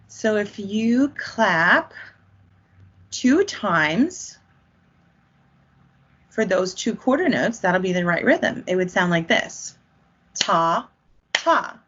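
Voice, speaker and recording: A woman music teacher talks children through a lesson in a slow, unhurried, encouraging way, counting out rhythm syllables as she goes. The recording is a little dull and lo-fi. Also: mid-range voice, a bit bright.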